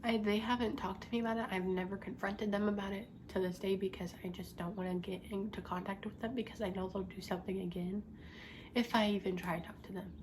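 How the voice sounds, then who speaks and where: A young woman recounts a bad day at school in a loose, rambling way, leaning on "like" as she goes. Her voice sits at a middle pitch, and a faint hiss of noise runs behind her. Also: fairly even intonation, quick pace, a little mellow. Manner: rambling, frustrated, lots of "like". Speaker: vlogger. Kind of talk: casual storytime.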